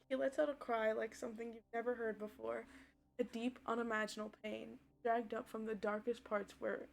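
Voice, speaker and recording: A woman's voice: fairly high pitch, flat delivery, fairly quick, gravelly, soft background music. Woman streamer reading game text aloud. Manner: reads narration steadily, then breaks off with loud distressed outbursts and swearing.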